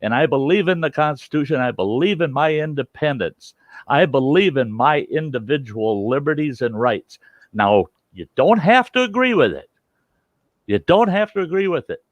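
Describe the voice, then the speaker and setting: A man's voice: fairly high pitch, big pitch swings, normal speed, dry recording, muffled recording. A man from the United States hosting a talk show, arguing insistently and repeating his points. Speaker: host. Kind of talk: heated casual debate.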